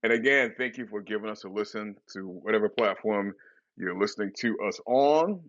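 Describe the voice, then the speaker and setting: A man's voice: on the low side, brisk, dull audio. A man hosting a podcast, signing off the show with lots of laughter. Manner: lively, laughing, warm-hearted sign-off. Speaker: podcast host. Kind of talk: casual podcast sign-off.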